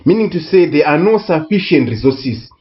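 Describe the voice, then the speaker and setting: A man tutoring economics in a recorded lesson, speaking deliberately and repeating key words for emphasis. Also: fairly high pitch, animated, dull audio. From Southern Africa.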